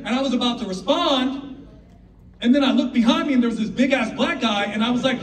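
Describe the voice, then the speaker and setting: Male stand-up comedian, high voice, roomy live sound, audience murmur. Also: a little fast, recorded from a distance, a faint crowd, slight background noise. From United States. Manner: animated, switching into character voices.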